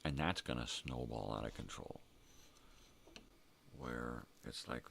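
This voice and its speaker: An older man hosting a rambling morning vlog, talking to himself and cursing freely as he thinks out loud. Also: rumbling low, lively intonation, measured pace, creaky, pauses often, a little hiss or hum. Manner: rambling, profane, talks to himself. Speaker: vlog host.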